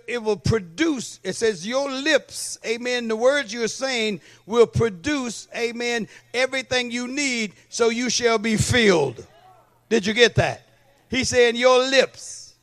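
A pastor with a very high, slightly bright voice preaches a sermon in church, calling for amens and checking that the congregation follows along.

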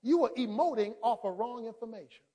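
Male preacher with a very high voice. Dramatic sermon delivery, quiet lows and shouted peaks. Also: animated, a little fast. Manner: swings between quiet low asides and shouted emphasis; dramatic, acts out quoted speech.

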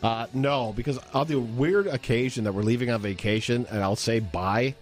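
A man's voice: mid-range voice, normal speed, faint music behind. A man, a radio co-host, teasing and playful in casual on-air banter.

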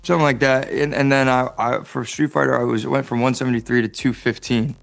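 American actor, 30s, relaxed and joking in a casual press chat; soft music in the background. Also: male voice, mid-range voice, fairly quick, gravelly. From United States. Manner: laid-back, jokey, says dude a lot. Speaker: actor promoting films.

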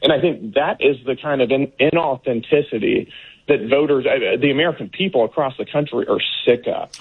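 A man's voice: mid-range voice, a little fast, husky. A man from Texas giving emphatic political commentary as an interview guest, with many fillers and restarts. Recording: tinny phone-line sound.

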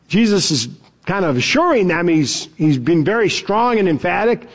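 A man preaching a sermon as pastor, emphatic and animated, chuckling now and then. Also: high voice, normal speed.

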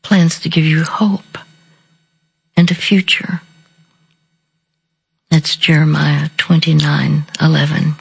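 A woman telling a personal story in a slow, deliberate, softly earnest way. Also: low-pitched, steady tone, creaky, husky, rough recording. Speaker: speaker sharing a counseling story. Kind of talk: reflective storytelling talk.

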